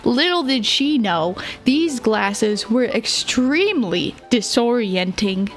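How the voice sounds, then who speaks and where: A woman's voice: a little high, lively intonation, slow pace, soft background music. A young woman streamer chatting casually, rambling through a story and giggling often. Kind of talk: casual livestream chat.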